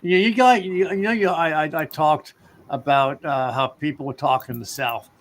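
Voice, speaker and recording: A man's voice: on the high side, moderate pace, a bit bright. A man from the northern United States hosting a casual talk show, rambling with many fillers and restarts. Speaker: host.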